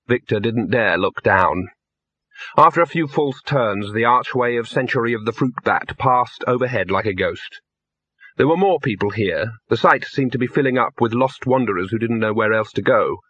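A man reads a novel aloud at a measured pace, in a bright voice with a husky edge. The recording is dry and close but dull and lo-fi. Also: mid-range voice, no room sound. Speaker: audiobook narrator. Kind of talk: scripted narration.

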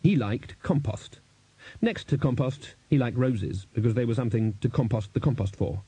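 A man reads a comic fantasy audiobook, his pitch moving expressively through each sentence. The voice is warm and slightly husky, recorded dry and close. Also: normal speed, dry recording, low-quality recording. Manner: lively, expressive reading. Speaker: narrator. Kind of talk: audiobook narration.

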